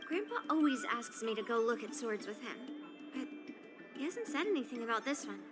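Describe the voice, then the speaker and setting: A spirited young swordswoman, lively and cheeky. Her voice sits high. She is a video game character with clear music underneath. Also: fairly quick. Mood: chatty. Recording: game audio over music.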